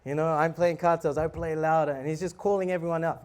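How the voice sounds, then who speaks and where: A monk preaching who tells a lively story, acting out scenes and laughing. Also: male voice, fairly high pitch, fast. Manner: animated, laughing, acts out scenes. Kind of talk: storytelling sermon.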